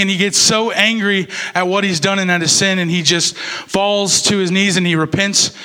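A young man gives a youth sermon in an easygoing, conversational way, stumbling over a word here and there. His voice sits a little high and sounds bright and forward. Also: fairly even intonation, moderate pace, few pauses, clear, resonant tone. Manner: casual, conversational preaching with fillers. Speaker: youth pastor.

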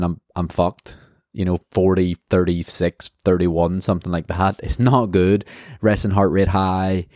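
A man's voice: low-pitched, darkish tone, no room sound, clean studio sound. An Australian man in a casual podcast debrief, talking candidly and rambling a little, swearing now and then. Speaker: podcast host.

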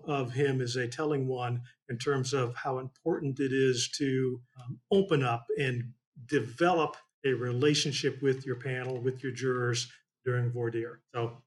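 A man from Indiana speaks as a trial attorney, telling a story in a relaxed, rambling way. He fills his sentences with ums and uhs, and his voice sits at an ordinary middle pitch. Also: a little slow. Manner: folksy, rambling with many fillers. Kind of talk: storytelling in casual chat.

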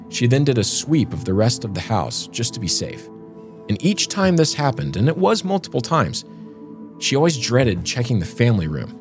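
A man's voice: mid-range voice, darkish tone. A man co-hosting a podcast, reading a scripted eerie story and then chatting and joking with his co-host. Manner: dramatic storytelling, joking banter. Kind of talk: scripted narration then casual chat.

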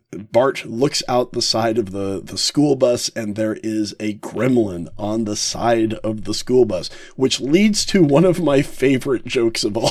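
A man hosting a casual podcast, ranking favorite episodes with frequent chuckles and halting fillers. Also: mid-range voice, a little mellow, no echo, studio quality. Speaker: podcast host.

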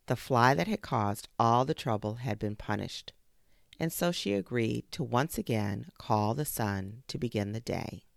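A podcast host reading a children's fable aloud, expressive and with spoken sound effects. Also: medium pitch, vocal fry, no room sound, studio quality. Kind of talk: storybook narration for children.

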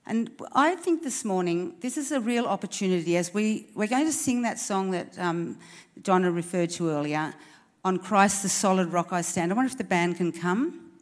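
A woman's voice: mid-range voice, expressive, moderate pace. Woman preaching an earnest sermon. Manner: earnest, encouraging, with rhetorical questions. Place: church service.

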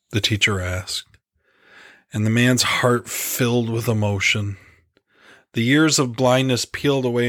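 Man, preacher, devotional storytelling, earnest, slow, dry close sound. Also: on the low side, a bit bright, dry recording. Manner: earnest, reflective, measured.

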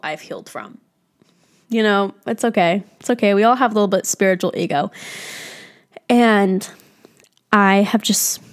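Brief: young woman, solo podcast host, frank and foul-mouthed, self-reflective pep talk, mid-range voice. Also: medium pitch. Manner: candid and heavily profane. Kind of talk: casual solo podcast monologue.

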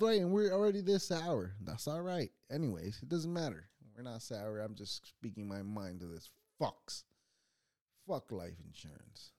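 Profane ranting man with lively pitch. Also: moderate pace. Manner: profane, rambling, animated swings in loudness. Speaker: channel host. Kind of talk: casual ranting monologue.

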